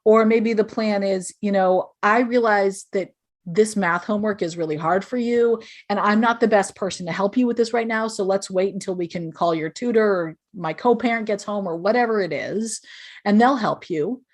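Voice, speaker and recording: A woman's voice: medium pitch, moderate pace. A woman speaking as a podcast guest, giving earnest, explanatory parenting advice and acting out sample phrases parents might say. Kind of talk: podcast interview.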